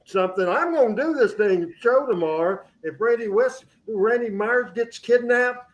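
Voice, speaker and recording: A man with a high-pitched voice hosting a radio show from the studio. He talks in energetic, rambling bursts, full of fillers and false starts. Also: moderate pace, muffled recording. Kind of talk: casual studio chat.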